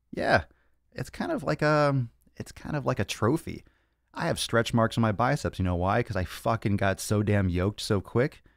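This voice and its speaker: A man's voice: fairly low pitch, no echo. A young man hosting a fitness podcast livestream Q&A, brash and profane, joking as he answers viewer questions from his home studio. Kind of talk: casual livestream Q&A. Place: home studio with monitors and cameras.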